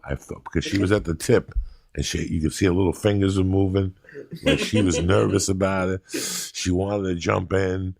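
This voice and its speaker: Gravelly low-voiced man, blunt and profane. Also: fairly even intonation, moderate pace, darkish tone, no echo. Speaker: podcast host. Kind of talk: casual chat.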